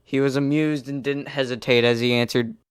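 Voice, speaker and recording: A man's voice: mid-range voice, steady tone, a little fast, slight background noise. A man casually reading fan fiction aloud, giggling and rambling in asides, some whispered. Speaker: reader.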